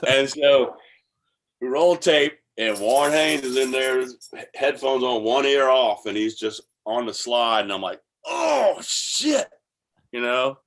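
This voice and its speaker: A man telling a casual, animated story, heavy on swearing and bursts of laughter. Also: mid-range voice, measured pace. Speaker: guest musician.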